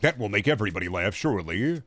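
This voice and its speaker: A man's voice: lowish voice, animated, fast talker, a bit bright. A young man streaming a game, riffing in a profane, sarcastic way in casual chatter.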